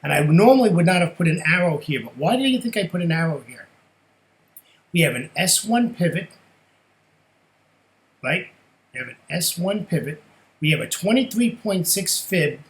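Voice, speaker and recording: A middle-aged man giving a casual trading lesson over his charts, chatty and quick to ask rhetorical questions, tagging "right?" onto his points. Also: on the high side, expressive, low-quality recording. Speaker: forex trading educator.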